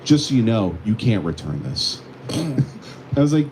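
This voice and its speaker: A man's voice: fairly low pitch, normal speed, a little hiss or hum. A man co-hosting a casual comedic chat, telling stories with lots of acted-out quotes. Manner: animated storytelling, acts out quoted voices. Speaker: podcast co-host.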